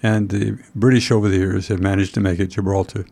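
A man hosting a talk show in casual chat, rambling and halting with frequent fillers and wry asides. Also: on the low side, flat delivery, creaky, mellow. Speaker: host.

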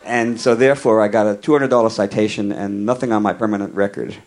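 A man's voice: on the low side, fast talker. Wry man telling a comic story. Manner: wry, conversational, with deadpan asides. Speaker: comedian. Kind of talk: storytelling comedy monologue.

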